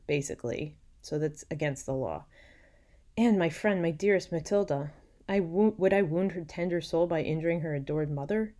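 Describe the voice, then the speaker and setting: A woman's voice: low-pitched, moderate pace, dark tone. A young woman giving a casual literature lecture, reading old text aloud with drama and then retelling it in slangy modern paraphrase.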